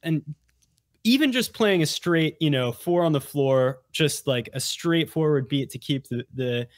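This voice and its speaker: A man who is a guest on a podcast, chatting casually in an animated, rambling way with many restarts. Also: a little high, measured pace, no echo, studio quality. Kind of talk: casual conversational interview.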